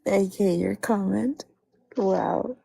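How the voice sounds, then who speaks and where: A woman's voice: medium pitch, slow, vocal fry, warm tone, slightly rough, dry recording. A woman co-hosting a casual live stream, easygoing and often laughing. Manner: giggly, easygoing. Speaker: co-host.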